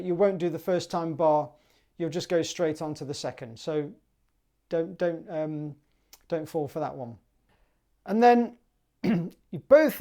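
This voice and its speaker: Cheerful woman teaching clarinet, chatty, soft mellow voice. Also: fairly low pitch. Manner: upbeat, chatty, sings rhythms aloud. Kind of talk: music exam lesson.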